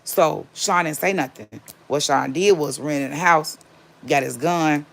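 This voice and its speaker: A woman casually telling a personal story, animated and repeating herself for emphasis. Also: deep voice, unhurried. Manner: acts out quotes of others.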